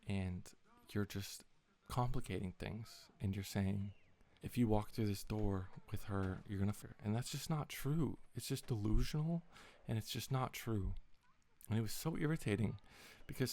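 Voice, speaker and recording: A man's voice: lowish voice, darkish tone. A young man in a casual, rambling vlog, retelling a story in an exasperated tone with lots of swearing. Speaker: vlogger.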